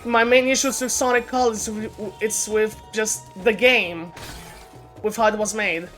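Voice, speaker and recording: A woman's voice: a little high, steady tone, unhurried, fairly bright tone. A woman streamer chatting casually while playing a game, often stumbling and restarting her sentences. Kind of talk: casual gaming stream chat. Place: home streaming setup. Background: faint game music.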